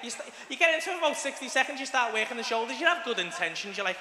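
A man's voice: very high-pitched, animated, quick pace, a crowd in the background. A man with a Liverpool accent doing a crude, swearing stand-up routine on a comedy club stage. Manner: crude, swearing, acts out scenes in voices. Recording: live club recording with hall reverb and audience.

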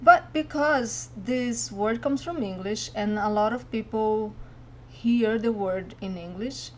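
Woman, Brazilian accent, language teacher, slow deliberate drills, slightly high voice. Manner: slow, careful pronunciation drills, repeating each word. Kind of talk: language lesson.

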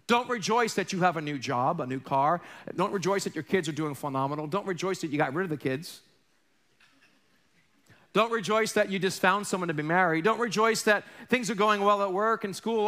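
Speaking in a high voice at a slightly quick pace, a pastor preaches a sermon. He's animated and acts out the voices of the people he quotes.

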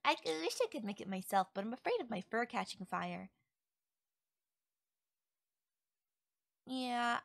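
A woman playing a wide-eyed wolf-girl, high and lively. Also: creaky, no echo, clean studio sound, heavily acted. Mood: curious. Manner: wondering, questioning, innocent. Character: curious naive young female wolf-girl. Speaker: voice actress. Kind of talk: ASMR audio role-play.

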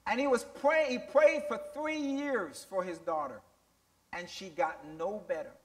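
A man's voice: high voice, measured pace. A man pastor preaching a sermon to his church, using call-and-response questions and emphatic rising delivery.

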